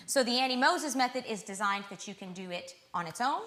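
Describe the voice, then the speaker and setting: A woman's voice: a little high, expressive, fairly quick, fairly bright tone, reverberant. A young woman giving a live violin lesson to children, coaxing and encouraging them with questions. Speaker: violin teacher.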